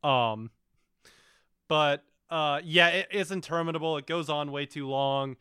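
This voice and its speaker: A man's voice: on the high side, unhurried, pushed and bright, clean tone, dry recording, clean studio sound. A man co-hosting a podcast, chatting loosely about a show, laughing and swearing freely. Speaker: podcast co-host. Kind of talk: casual chat reviewing a show.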